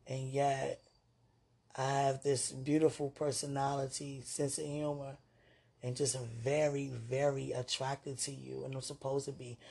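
A woman's voice: extremely low pitch, mellow, husky. A woman hosting a spiritual podcast, speaking to a loved one in a gushing, giggly, rambling way, full of "you know"s. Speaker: podcast host.

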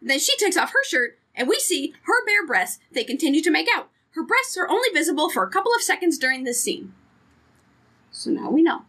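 A woman with a high, bright voice co-hosts a casual podcast chat. She is frank, swears freely and keeps joking. Her pitch swings widely as she talks. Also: big pitch swings, a little fast. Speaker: podcast co-host.

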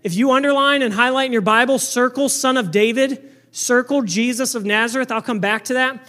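Male pastor, very high voice, loud and earnest, preaching into a mic, frequent restarts. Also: expressive, brisk. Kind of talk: sermon. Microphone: microphone.

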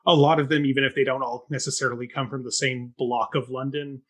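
Bright-voiced man reviewing a play. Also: mid-range voice, level tone, husky. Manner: measured, stammering restarts. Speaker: theatre reviewer. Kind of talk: casual podcast review chat.

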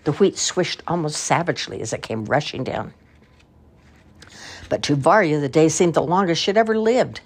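Husky grandmother reading a storybook. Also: low-pitched, moderate pace. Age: older. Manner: expressive. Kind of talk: reading a children's book aloud.

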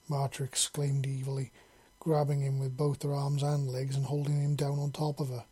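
A narrator reads fan fiction aloud in a husky, mellow voice. The reading is unpolished, with frequent slips and corrections along the way. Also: medium pitch, completely flat delivery, normal speed.

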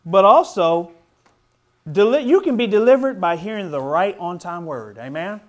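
A pastor preaching a fervent sermon, with call-and-response and shouts of hallelujah. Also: male voice, expressive, normal speed. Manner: ends in a soft, low closing prayer.

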